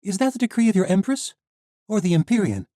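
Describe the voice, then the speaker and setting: A man's voice: high-pitched, sing-song, quick pace, dark tone, dry recording, studio quality, pitched above the performer's own voice. A man voicing a bold, determined young heroine who speaks with defiance. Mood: defiant.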